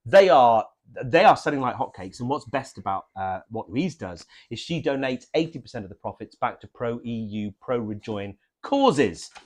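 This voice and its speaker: A man's voice: medium pitch, lively intonation, normal speed. A man from Norfolk co-hosting a live stream, chatty and rambling, often correcting himself. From Norfolk, England. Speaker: livestream co-host. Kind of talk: casual livestream hosting.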